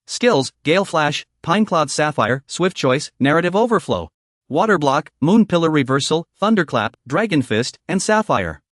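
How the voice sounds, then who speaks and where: A man's voice: on the high side, sing-song, moderate pace, fairly bright tone, no echo, studio quality. A man narrating a story recap in a scripted, dramatic storytelling voice.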